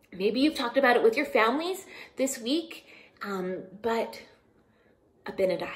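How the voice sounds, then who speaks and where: A young woman leading children's singing time, speaking gently and encouragingly between songs. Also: a little high. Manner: gentle, encouraging, sings along. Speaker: children's music leader.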